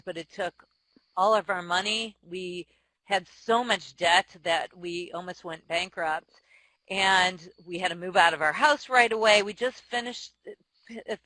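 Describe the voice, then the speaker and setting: Bright, frank businesswoman in her forties. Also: medium pitch, low-quality recording. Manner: frank and self-deprecating, with quick laughs and restarts. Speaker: company CEO and author, guest. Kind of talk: candid interview storytelling.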